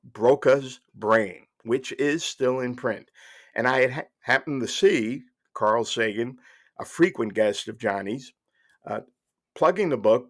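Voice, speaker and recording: A man in his sixties telling a wry, rambling personal story as a podcast host, with fillers and restarts along the way. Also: medium pitch. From New Jersey. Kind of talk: casual storytelling monologue.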